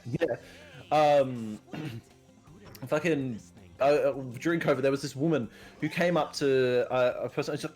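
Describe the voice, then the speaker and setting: A man's voice: medium pitch, steady tone, measured pace, a little mellow, soft background music. A British man in casual gaming chat, sardonic and swearing freely. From Britain. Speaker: streamer.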